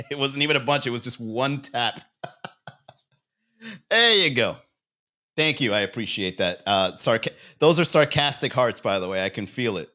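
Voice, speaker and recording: This is a man hosting a loose comedy livestream, rambling from bit to bit with plenty of swearing. He chuckles at his own jokes and talks straight to the viewers in chat, in a voice of ordinary middle pitch for a man. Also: lively intonation, normal speed, bright, forceful tone. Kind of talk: casual livestream banter.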